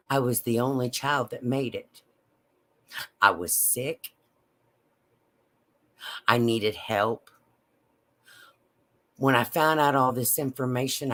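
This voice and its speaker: A woman telling a personal story in a slow, halting, emotional way. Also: very deep voice, a bit bright. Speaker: vlogger.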